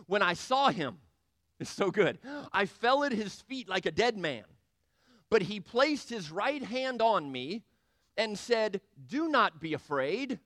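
A man preaching a sermon, quoting scripture and acting out conversations with lively, animated delivery. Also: high-pitched, slow, no echo, clean studio sound. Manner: animated, quotes scripture and acts out dialogue.

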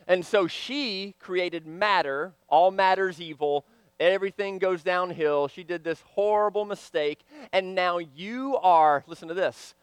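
High-voiced, slow-paced preaching man. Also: clean tone, no echo. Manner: animated preaching, swinging from loud to hushed. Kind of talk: sermon.

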